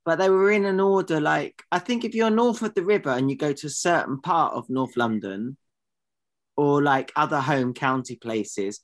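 Male co-host, rambling indignant banter, pitched a little high. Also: lively intonation, moderate pace. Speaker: podcast co-host. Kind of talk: comedy podcast banter.

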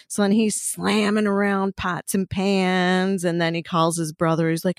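Middle-aged woman co-host, lower voice, dry close mic, loose storyteller who laughs a lot. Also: fairly even intonation, normal speed, few pauses, no echo. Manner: chatty storyteller, laughs often, swears freely. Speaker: podcast co-host. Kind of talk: casual chat.

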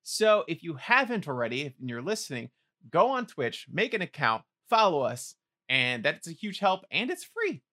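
Male podcast co-host, high lively voice, bright tone, rambling crude banter. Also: moderate pace. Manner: rambling, crude jokes, many "like" fillers. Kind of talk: casual chat.

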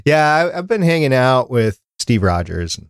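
A man's voice: medium pitch, very animated, moderate pace, clean tone, no room sound, clean studio sound. A man from Minnesota hosting a fan podcast, chatty and rambling in casual talk. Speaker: podcast host.

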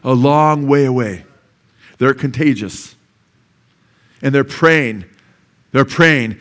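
A male pastor preaching a sermon, animated and conversational, often asking the congregation "amen?" and acting out the lepers' shouts. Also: mid-range voice, slow pace, long pauses. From USA.

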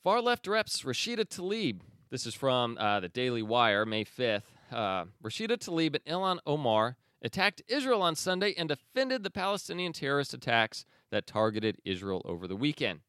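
A man hosting a news commentary podcast, opinionated and sarcastic, often pausing with fillers and restarts. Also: medium pitch, big pitch swings, a bit bright, clear, resonant tone, no room sound, studio quality. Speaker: podcast host.

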